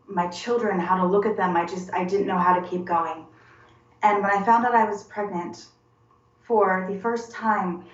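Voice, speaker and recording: A woman's voice: lowish voice, a bit bright. Earnest woman, 40s, stumbling over her words, sounds far from the mic, a bit muffled. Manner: halting and earnest, repeating words as she searches. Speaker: interview guest. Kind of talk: personal testimony interview. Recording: roomy, distant and dull-sounding.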